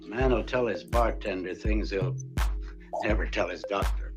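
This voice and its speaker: An actor playing a fatherly male ship's doctor in a 1960s TV drama, dry and gently wry. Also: on the low side, moderate pace, dull audio, lightly acted. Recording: TV clip with music score behind.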